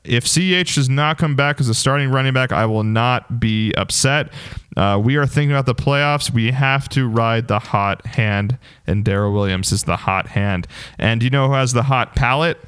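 A man's voice: medium pitch, normal speed, fairly bright tone, smooth, no echo. A man co-hosting a casual sports podcast, talking emphatically like a hype man. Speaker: podcast co-host.

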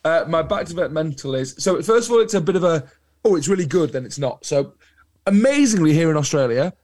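A young adult man with an English accent, co-hosting a podcast in casual chat, telling animated anecdotes. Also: fairly high pitch, quick pace. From England. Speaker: podcast co-host.

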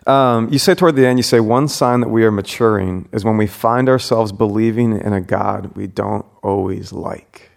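A pastor hosting a relaxed conversation, his voice sitting a bit low. He speaks reflectively, pausing often with fillers and restarting phrases as he thinks aloud. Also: gravelly. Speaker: pastor and podcast host. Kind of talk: casual interview chat.

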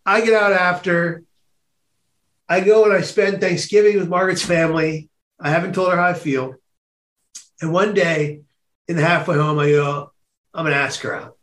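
A man with a high voice tells a personal story as a podcast guest. He is animated and laughs often. The room sounds echoey. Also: normal speed, long pauses. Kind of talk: storytelling in casual chat.

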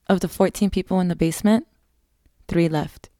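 A woman narrating a scripted horror story in a measured, somber way, close to the mic. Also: lowish voice, steady tone, mellow, no echo.

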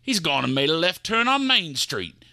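A swaggering sea-dog captain bellows in old-time pirate talk, as a man puts him on. His voice is bright and forceful and leaps wildly in pitch. It sits close and dry on the mic, with no room sound at all. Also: big pitch swings, moderate pace, gravelly, no echo, full character voice. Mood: indignant. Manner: loud and blustering. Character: boisterous male pirate captain driving a rideshare.

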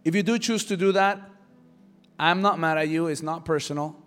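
A male pastor preaching a sermon with passion, swinging from hushed lines to shouts. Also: fairly high pitch, normal speed.

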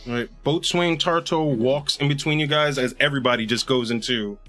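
A man's voice: mid-range voice, fairly quick, fairly bright tone, faint music behind. A man narrating as game master in a loose, filler-heavy way.

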